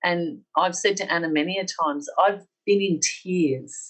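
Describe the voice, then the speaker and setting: A woman's voice: lowish voice, normal speed, low-quality recording. A middle-aged woman with an Australian accent, earnestly telling her personal story on a podcast and acting out the dialogue she quotes. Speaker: podcast guest.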